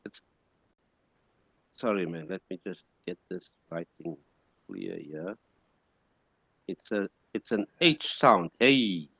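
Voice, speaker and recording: A man giving a classroom lecture, explaining slowly and patiently with frequent restarts. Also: low-pitched, animated, gravelly, bright, forceful tone, husky, no echo. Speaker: teacher.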